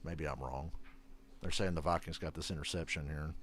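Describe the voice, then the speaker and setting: A man chatting casually and reacting to a live game, swearing often, laughing a lot and getting excited. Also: a bass voice, brisk, slight background noise. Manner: profane, laughing, excitable banter.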